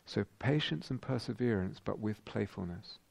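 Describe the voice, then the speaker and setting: A man giving a thoughtful dharma talk as a meditation teacher at a retreat, pausing and restarting as he searches for words. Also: lowish voice, animated, vocal fry, a little mellow. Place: retreat centre meditation hall.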